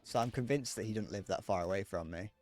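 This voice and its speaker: A man's voice: fairly low pitch, fast, a little mellow, faint music behind. A man chatting casually on a live stream while gaming, rambling, joking and answering chat messages.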